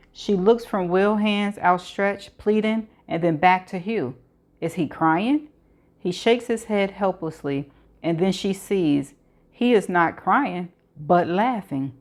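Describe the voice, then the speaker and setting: Woman reading a thriller aloud. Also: lowish voice. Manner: steady narration with occasional stumbles and restarts. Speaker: audiobook reader.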